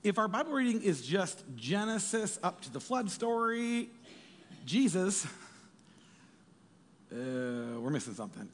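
A man preaching with a lively, swinging delivery and a slightly husky tone. His voice carries a long reverb, as if in a church hall. He jokes and acts out quick asides as he teaches. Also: sits high. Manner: animated, jokey preaching with acted asides. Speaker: pastor. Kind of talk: sermon.

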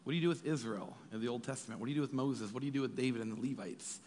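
A man preaching a sermon as pastor, animated and jokey, slipping into quick acted asides. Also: mid-range voice. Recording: reverberant hall.

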